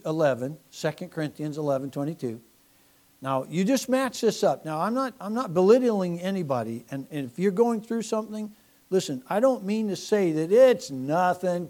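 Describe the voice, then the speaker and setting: A fairly high-voiced man preaches to his congregation in an animated way. He swings from loud, forceful lines to quiet, joking asides and leans on mocking humor. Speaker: pastor. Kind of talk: sermon.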